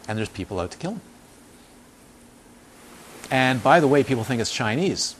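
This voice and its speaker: At normal speed and in a mid-range voice, a man offers an informal dharma talk as a meditation teacher, telling lively stories, stressing points through repetition, and acting out the voices he quotes. Slight background noise is present.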